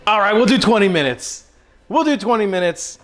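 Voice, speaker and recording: A man's voice: sits high, animated, fairly quick, a bit bright. A man hosting a cooking livestream, chatting casually and addressing his viewers directly.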